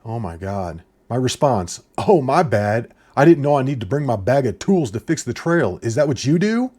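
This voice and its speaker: A man's voice: mid-range voice, very animated, normal speed, darkish tone, breathy edge. A man giving casual reaction commentary on viewer comments in an exasperated, sarcastic, ranting way.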